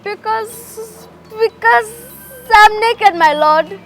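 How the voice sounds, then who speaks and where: A woman's voice: high voice, sing-song, slow, soft background music, pitched above the performer's own voice, exaggerated voice. A woman voicing a timid, fearful first man in a children's story, stammering and exclaiming anxiously.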